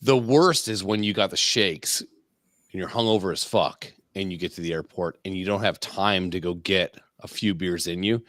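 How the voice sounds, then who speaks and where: Male co-host with a low voice, crude rambling anecdotes, dry mic. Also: moderate pace, a bit bright, no room sound. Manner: rambling, crude, laughing stories. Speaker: podcast co-host. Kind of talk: casual chat.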